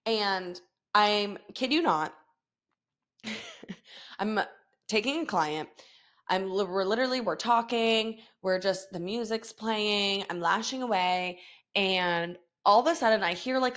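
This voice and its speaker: A woman's voice: mid-range voice, expressive, measured pace, a bit bright. A woman in her thirties hosting a podcast, chatting frankly with frequent swearing and laughter. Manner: frank, profane, laughs often. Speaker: podcast host. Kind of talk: casual confessional chat.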